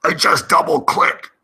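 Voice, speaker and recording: A man hosting a sports betting show, talking to himself with profanity and rambling agitation as he places live bets. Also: bright, forceful tone. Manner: talks to himself while placing bets.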